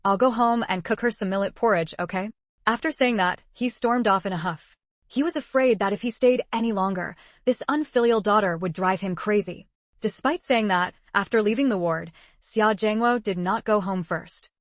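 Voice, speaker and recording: A woman reading a story aloud as narrator, in an even, steady scripted style. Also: mid-range voice, normal speed, dry recording.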